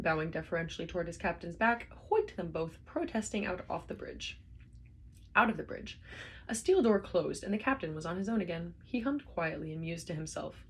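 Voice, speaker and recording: A woman reading a novel aloud with expressive storybook narration. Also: on the low side, fairly quick, slightly rough. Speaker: reader.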